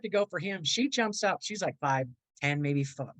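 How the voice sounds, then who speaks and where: A woman's voice: low voice, expressive, normal speed, no echo, poor audio. Middle-aged woman telling an emotional story. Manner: rambling, acts out quoted voices, earnest. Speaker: podcast guest, motivational speaker.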